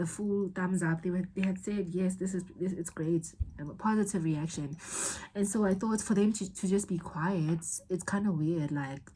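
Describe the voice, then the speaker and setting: A young woman with a South African accent tells a personal story straight to her camera. Her voice sits low and sounds mellow and a little husky. She rambles, restarts often and turns emotional and teary in places. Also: poor audio. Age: young adult. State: tearful at times. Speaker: vlogger.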